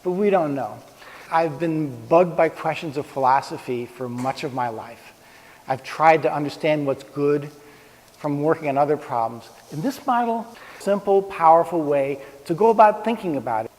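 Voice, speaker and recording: A man's voice: a little high, animated, normal speed, a little mellow. A man giving an informal, conversational talk on ethics to a live audience, with props and pointing. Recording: long reverb of a hall.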